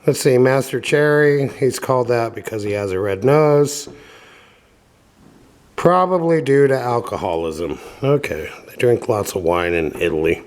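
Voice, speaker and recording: A man's voice: medium pitch, animated, darkish tone. Wry man reading and commenting on a book. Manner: offhand and wry, with filler pauses. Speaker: reader and commentator.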